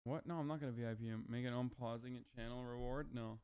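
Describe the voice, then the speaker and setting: A man's voice: medium pitch, steady tone, fast, darkish tone, clear, resonant tone, no echo. A man livestreaming casual reaction commentary, talking in a profane, ranting, argumentative way on a close microphone.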